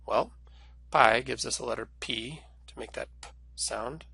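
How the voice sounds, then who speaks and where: A man teaching a recorded language lesson, walking through each sound patiently and clearly. His voice has a gravelly edge and a bright, forward tone. The sound is close and dry. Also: medium pitch, unhurried, no echo. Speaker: Greek language instructor.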